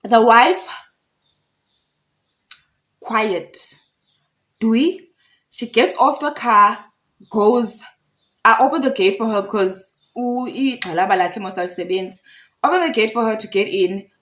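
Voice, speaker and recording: Animated woman telling a story. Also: a little high, a little slow, long pauses. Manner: animated, repeats phrases for emphasis. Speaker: storyteller vlogger. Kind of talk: casual storytime vlog.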